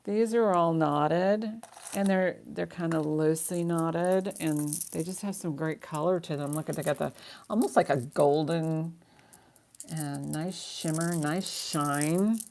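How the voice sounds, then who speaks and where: A middle-aged woman runs a live online jewelry auction in loose, rambling chat, laughing often. Her voice sits low with a gravelly fry. She talks like she is chatting with regulars. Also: measured pace, a little mellow, a little hiss or hum. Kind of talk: casual live-stream selling.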